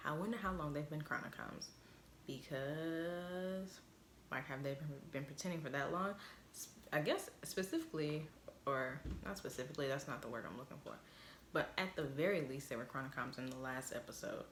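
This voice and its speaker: A woman's voice: sits low, moderate pace, a bit bright, a little hiss or hum. A woman chatting through a casual spoiler recap of a TV episode, rambling and leaning on "like" and "obviously". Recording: roomy echo.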